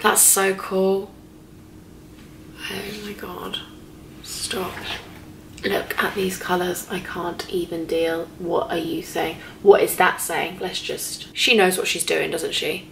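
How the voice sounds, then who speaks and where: A woman in her twenties chatting excitedly as a beauty vlogger in a hotel room, gushing over what she is unboxing. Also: on the low side, slow, creaky, echoey room, a little hiss or hum. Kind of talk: casual vlog chat.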